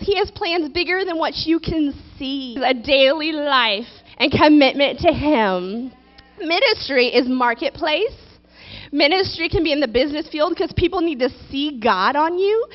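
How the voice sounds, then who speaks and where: A woman minister preaching a sermon, dramatic and acting out people's prayers. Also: high voice. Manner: dramatic, acts out prayers in a whiny childlike voice. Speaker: guest minister. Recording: dull lo-fi recording.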